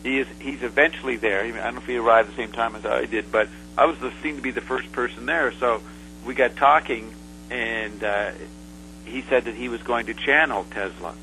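A man being interviewed, recounting a past event in a halting, rambling way full of fillers and restarts. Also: mid-range voice, sharp tone, a little hiss or hum, rough recording. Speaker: interview guest. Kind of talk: casual storytelling.

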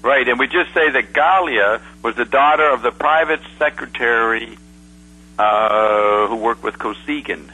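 A man hosting a relaxed conversation, prompting his guest and adding details. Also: mid-range voice, a little slow, slightly rough, rough recording. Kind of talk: casual conversation.

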